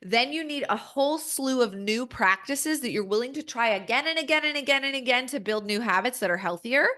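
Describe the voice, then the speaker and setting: A woman's voice: fairly high pitch, lively intonation, brisk, bright, forceful tone. A woman speaking as a podcast guest, candid and emphatic, acting out her own inner dialogue as she talks.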